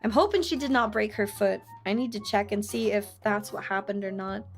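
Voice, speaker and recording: A young woman streamer chatting casually, telling family stories with playful, loud acted-out quotes. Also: mid-range voice, brisk, faint music behind. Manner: chatty storytelling, playful, acts out quotes loudly. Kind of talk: casual chat.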